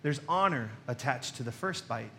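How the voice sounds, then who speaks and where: A man's voice: mid-range voice, lively intonation, moderate pace, vocal fry, bright, forceful tone, slight background noise. A man preaching a sermon as pastor, conversational and emphatic, with joking asides, rhetorical questions and repeated key phrases.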